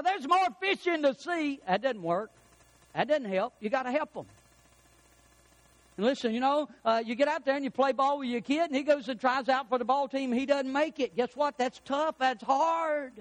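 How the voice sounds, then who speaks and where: A middle-aged preacher with a high-pitched voice. He tells homely stories in a relaxed, folksy way and builds to emphatic peaks to drive his points home. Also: moderate pace, poor audio. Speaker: pastor. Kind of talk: sermon.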